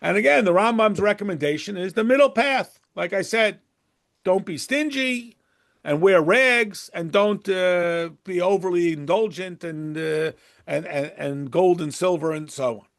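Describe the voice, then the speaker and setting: A man teaches a Torah class in a high, gravelly voice. He talks to the room conversationally and asks rhetorical questions. He acts out the quotes he cites. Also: unhurried.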